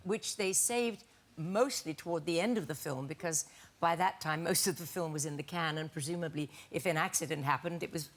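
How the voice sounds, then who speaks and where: An older woman telling an anecdote as a talk show guest, animated and acting out the lines she quotes. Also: deep voice, brisk. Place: TV studio with live audience.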